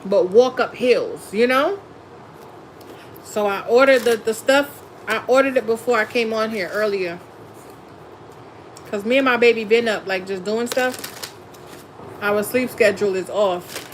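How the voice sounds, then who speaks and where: A woman's voice: fairly high pitch, normal speed, pauses often, a little hiss or hum, rough recording. A woman tarot reader chatting casually on a live stream, laughing often and talking in a blunt, slangy way. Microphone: phone or webcam on a live stream.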